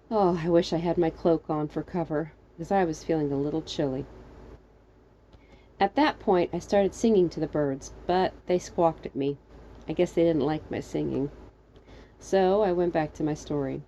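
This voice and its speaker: A woman narrating her own comedic fan fiction story in a wry, animated way. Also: normal speed, lo-fi sound, slight background noise. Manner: wry, animated, jumping high for quoted lines.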